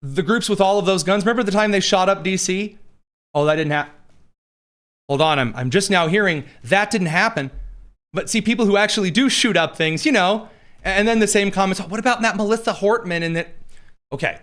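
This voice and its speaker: Male commentary host from East Central Indiana, slightly higher-pitched, sarcastic and animated, voice jumping up and down. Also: fairly quick. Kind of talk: opinion commentary.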